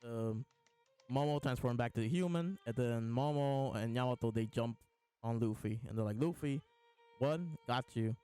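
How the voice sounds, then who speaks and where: A man's voice: mid-range voice, normal speed, dark tone, clean tone, soft background music. A man hosting a live reaction, reading lines aloud between laughs and restarts. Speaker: host reading and reacting to a comic chapter. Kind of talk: casual live reaction chat.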